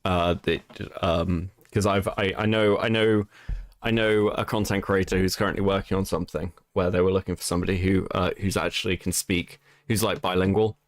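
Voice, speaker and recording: A British man hosting a casual reaction podcast, emphatic and quick to swear. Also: low voice, fairly even intonation, dry recording. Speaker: podcast host.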